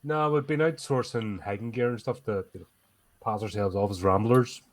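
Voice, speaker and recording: A man's voice: lowish voice, normal speed. A man playing a tabletop game, chatting casually and making joking asides. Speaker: player.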